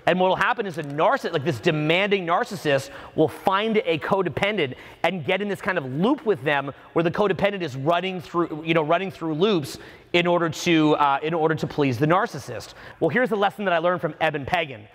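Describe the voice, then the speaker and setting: Man, dating coach, live seminar talk, profane, animated, fairly high pitch, long hall reverb. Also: a little fast. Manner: profane, animated, acts out the people in his stories.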